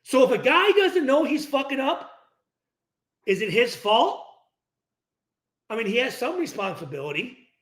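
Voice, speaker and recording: Middle-aged man, an ex-player who hosts a post-game talk; profane, animated rant with a high, swinging voice. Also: a little slow, long pauses. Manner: profane, animated, acts out dialogue. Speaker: former player hosting a post-game reaction. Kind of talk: casual unscripted rant. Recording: roomy echo.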